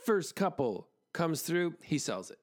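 A podcast host talks straight to his listeners in a loose, chatty monologue. His voice sits fairly high for a man, and he laughs often and restarts sentences as he tells his story. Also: very animated, unhurried. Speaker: podcast host, arts in education specialist.

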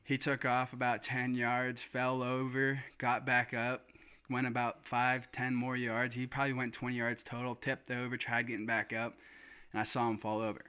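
A man telling a hunting story in casual chat, excited and swearing now and then. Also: medium pitch, moderate pace, smooth.

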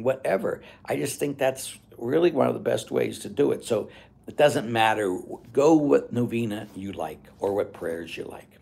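A man's voice: on the low side, lively intonation, normal speed, creaky, darkish tone, slight background noise. A man who is a Catholic priest, answering viewers' chat questions on a casual livestream in a chatty, rambling, blunt and joking way. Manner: chatty, rambling, with frequent fillers.

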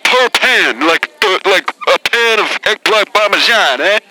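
A man's voice: sits high, big pitch swings, fast talker, gravelly, sharp tone, exaggerated voice, rough recording. A man voicing a foul-mouthed, touchy pizzeria owner who keeps tacking "eh?" onto his lines, calling in to a comedy podcast. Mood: boastful. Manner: swears constantly, ends lines with "eh?". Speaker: caller.

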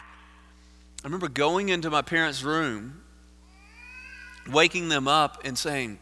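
Preacher guy, kinda high bright voice, big churchy reverb. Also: normal speed, long pauses. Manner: earnest storytelling, rising to forceful preaching. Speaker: pastor. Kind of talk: sermon. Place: church sanctuary. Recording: live sermon in a reverberant sanctuary.

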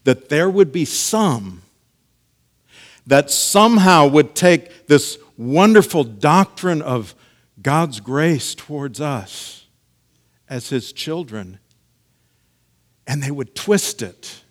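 A man preaching a sermon, teaching with measured delivery that swings between hushed lines and emphatic stresses. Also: on the high side, animated. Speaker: pastor.

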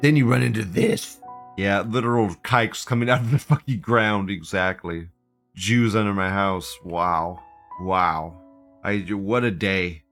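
A man hosting a casual livestream commentary speaks at a measured pace in a low-leaning, fairly bright voice, with faint music in the background. He rambles and swears, keeps repeating phrases and often bursts out laughing.

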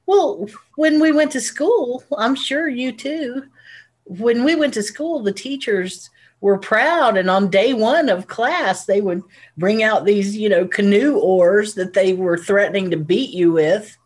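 A woman co-hosting a podcast who tells stories in a lively way and laughs often. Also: medium pitch, a little slow. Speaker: podcast co-host. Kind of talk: casual chat.

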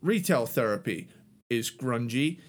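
A man's voice: mid-range voice, animated. A man chatting casually as podcast co-host, reviewing an album with wry asides and frequent laughter. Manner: laughing often, unhurried, wry. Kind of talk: casual music review chat.

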